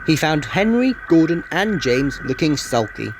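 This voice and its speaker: A man narrating a children's storybook aloud in an expressive read-aloud manner. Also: medium pitch, normal speed, hardly any pauses. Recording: noisy home recording.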